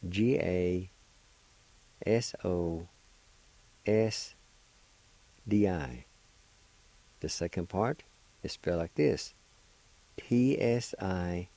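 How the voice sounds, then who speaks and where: A man hosting a radio language lesson, spelling out words letter by letter and repeating each pronunciation slowly and deliberately. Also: sits low, mellow, no echo, low-quality recording. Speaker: radio host teaching vocabulary.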